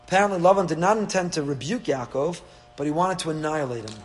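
Lively rabbi lecturing in an echoey hall. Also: male voice, a little high, quick pace, soft background music. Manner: lively, rhetorical questions, dry asides. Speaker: rabbi teaching a Torah class. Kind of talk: Torah class lecture. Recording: echoey hall with faint hum.

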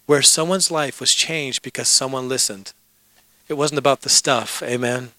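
A man's voice: mid-range voice, steady tone, normal speed, sharp tone, no echo. A middle-aged man preaching as pastor, telling stories and joking with the congregation. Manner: storytelling, joking asides with the congregation. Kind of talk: sermon.

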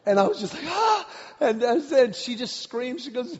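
A man preaching a sermon, telling a personal story in an animated way, repeating words and shouting at the climaxes. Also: very high voice, brisk. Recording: dull recording with long hall reverb.

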